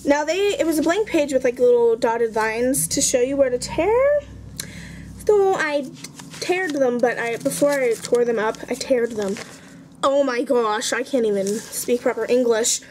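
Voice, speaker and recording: A woman's voice: high voice, lively intonation, unhurried, a little mellow, a little hiss or hum. A young woman chatting casually, rambling and poking fun at herself as she shows off her art journal at home. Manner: chatty, rambling, self-mocking. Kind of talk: casual show-and-tell vlog.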